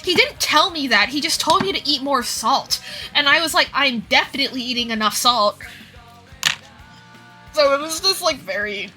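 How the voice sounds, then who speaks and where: A woman's voice: high voice, expressive, normal speed, bright, forceful tone, soft background music. A woman in her twenties streaming, telling stories in a casual chat, acting out the people she quotes and sounding out of breath. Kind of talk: casual chat while gaming.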